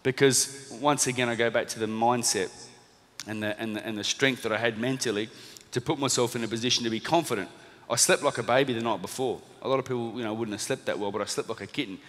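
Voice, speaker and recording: A man with an Australian accent telling a lively story to a live audience, acting out the people he quotes. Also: mid-range voice, quick pace. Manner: animated storyteller, acts out quotes. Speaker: speaker at a seminar. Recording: long reverb of a hall.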